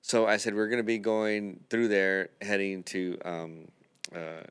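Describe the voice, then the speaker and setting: Low smooth man telling a story. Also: level tone, measured pace, a bit bright, dry recording. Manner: rambling anecdotal storytelling with quoted dialogue. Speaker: podcast host, dental builder. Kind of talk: casual storytelling chat.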